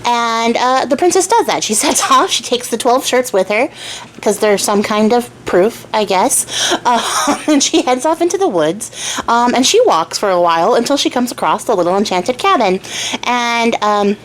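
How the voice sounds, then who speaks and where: In a home craft room, a young woman with a fairly high, animated voice retells a fairy tale at normal speed while she crafts, with slight background noise. She's chatty and irreverent, swearing and loosely voicing the characters.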